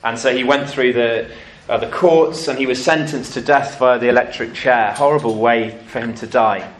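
Man preaching a lively sermon. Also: medium pitch, normal speed, a little hiss or hum. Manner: lively storytelling, acting out quotes.

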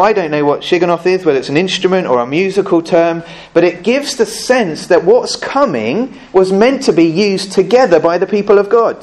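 A man preaching a sermon in church, conversational and earnest, often putting questions to the congregation. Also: on the high side.

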